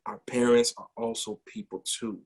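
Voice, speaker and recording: A man co-hosting a podcast, telling a personal story in an animated way and often repeating words. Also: medium pitch, normal speed. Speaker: podcast co-host.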